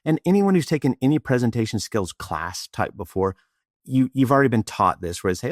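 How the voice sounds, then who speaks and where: A man's voice: mid-range voice, brisk, dry recording, studio quality. A middle-aged man from Austin, Texas, a presentation coach telling a story in an interview and acting out bits of dialogue. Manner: animated, acts out dialogue.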